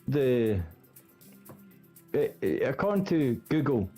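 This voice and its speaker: A man's voice: mid-range voice, moderate pace, soft background music. A Scottish man in casual chat, rambling and restarting his sentences, swearing often as a guest rating a build. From Scotland. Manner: animated, rambling, stammering restarts.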